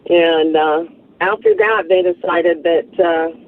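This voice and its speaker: A woman calling into a radio show, telling a story slowly and haltingly. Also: on the low side, no room sound. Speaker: caller. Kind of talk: phone-in storytelling. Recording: tinny phone line.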